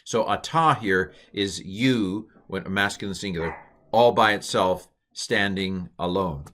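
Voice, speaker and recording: A man teaching a recorded language lesson in an informal, lively way, pausing to restart and make asides. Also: deep voice.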